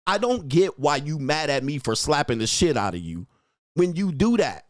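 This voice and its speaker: Profane, mocking man with a lively voice. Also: fairly high pitch, normal speed, no room sound, studio quality. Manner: profane, mocking, laughs often, confrontational. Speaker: streamer host. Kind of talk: livestream rant reading chat.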